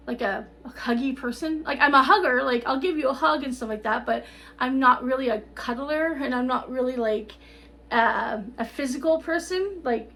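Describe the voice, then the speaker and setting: Tearful woman vlogger, high gravelly voice. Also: fairly bright tone, a little hiss or hum. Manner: rambling, halting, repeats herself. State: tearful, on the verge of crying. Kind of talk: emotional personal update.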